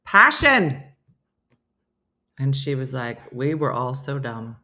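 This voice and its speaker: A comedian hosting a live morning show chats casually at a moderate pace in a low voice, reading viewer comments. She tells stories and quotes others in lively voices.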